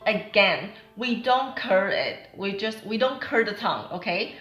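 A young woman from Taiwan with a Taiwanese accent, a Mandarin teacher giving a chatty video lesson and repeating words slowly to demonstrate them. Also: medium pitch, animated, a bit bright, roomy sound, soft background music. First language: Mandarin Chinese.

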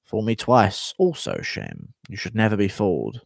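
A man's voice: on the low side, wildly swooping pitch, moderate pace, creaky, dry recording, studio quality. A man streaming live, chatting casually, thanking donors and joking with crude, profane banter.

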